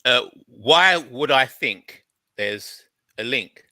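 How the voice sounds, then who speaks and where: Hesitant male speaker, very slow delivery, bright tense voice. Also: mid-range voice, lively intonation, no room sound. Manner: halting, many fillers and restarts. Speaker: debate participant. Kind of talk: hesitant explanation.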